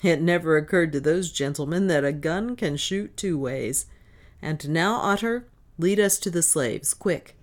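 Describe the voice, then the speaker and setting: A woman voicing a gruff, blunt dwarf man who gives curt orders. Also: low-pitched, unhurried. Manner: curt, commanding.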